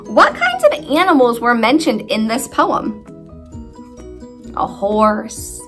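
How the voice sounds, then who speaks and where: A woman with a high, bright voice that swoops up and down in sing-song waves. She talks slowly as a preschool teacher reading a poem aloud and quizzing small children. Faint music plays under her. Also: wildly swooping pitch.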